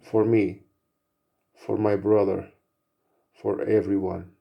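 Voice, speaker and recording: A man's voice: fairly low pitch, flat delivery, takes it slowly, vocal fry, dull audio. A man voicing a vengeful shadow wizard, speaking in a solemn, vowing way. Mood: grim. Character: vengeful male shadow wizard, grim and determined.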